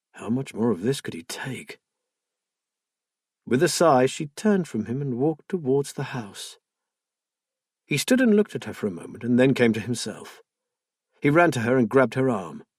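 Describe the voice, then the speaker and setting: A male audiobook narrator with a husky voice and a lively, rising and falling pitch. He reads in a measured, expressive way. The recording is dry and close, with no room sound. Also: no room sound.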